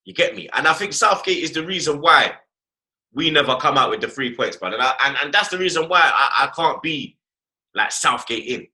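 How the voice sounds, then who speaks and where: Excitable man with bright voice. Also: on the high side, a little fast. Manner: animated slangy talk, repeats "blood" and "you get me". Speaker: host. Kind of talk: casual football chat.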